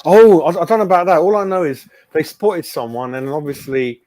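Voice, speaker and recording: A man's voice: a little high, brisk, darkish tone, no room sound. A man chatting casually as co-host of a football fan show, rambling and calling people mate. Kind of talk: casual chat.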